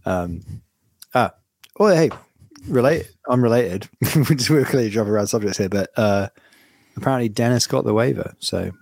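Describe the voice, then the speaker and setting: A man's voice: mid-range voice, lively intonation, moderate pace, gravelly, darkish tone, no room sound. A man co-hosting a podcast, talking in a chatty, jokey way and jumping from topic to topic. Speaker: podcast co-host. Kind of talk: casual chat.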